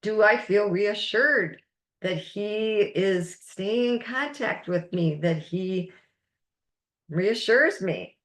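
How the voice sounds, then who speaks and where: A woman's voice: medium pitch, takes it slowly. A woman life coach teaching a recorded masterclass, speaking in an encouraging, emphatic way and stressing key words.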